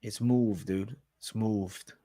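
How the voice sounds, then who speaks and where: A man's voice: lowish voice, steady tone, slow, dark tone. Slangy man chatting on a livestream. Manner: profane, slangy, reads and answers chat comments. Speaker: livestream host answering chat. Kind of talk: casual livestream chat.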